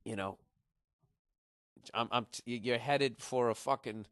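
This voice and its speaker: Blunt, profane comedic podcast host. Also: male voice, mid-range voice, measured pace, a bit bright, clear, resonant tone, dry recording. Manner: blunt, profane, rambling with restarts. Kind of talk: casual comedic advice rant.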